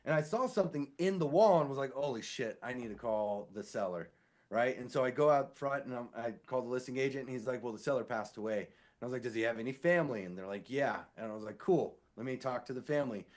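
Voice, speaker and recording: Animated man telling a story. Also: medium pitch, fast. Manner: animated, acts out quoted voices. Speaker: podcast co-host; sewer inspector. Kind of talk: casual storytelling chat.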